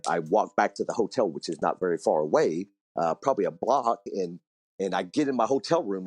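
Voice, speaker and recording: A man's voice: deep voice, a little mellow, slightly rough. A man being interviewed about long-distance motorcycle riding, telling stories animatedly with frequent restarts and repeated words. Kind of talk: casual storytelling interview.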